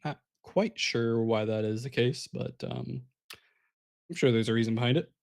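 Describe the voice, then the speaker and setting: This caster, a man with a mid-pitched, slightly mellow voice, talks at normal speed through a live online card match. He casually breaks down each play and chats with his viewers, sounding drowsy and yawning.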